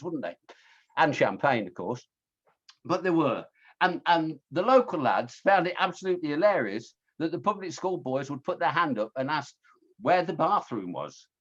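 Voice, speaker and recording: A man's voice: fairly high pitch, lo-fi sound. A man giving an informal illustrated history talk, chatty and self-correcting, with wry asides. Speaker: local history speaker.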